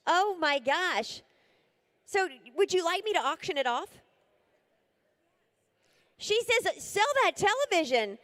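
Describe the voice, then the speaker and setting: A woman runs a live charity auction in a very high voice. Her tone is bright and forceful. She coaxes the room playfully and chants bid amounts rapidly over and over. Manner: energetic, rapid bid-calling with repeated figures; coaxing and playful with the crowd.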